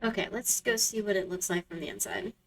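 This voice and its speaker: A woman's voice: mid-range voice, fairly quick, gravelly. A woman streamer giving casual gameplay commentary, musing aloud to herself in a hesitant way. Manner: muses aloud, hesitant and self-talking.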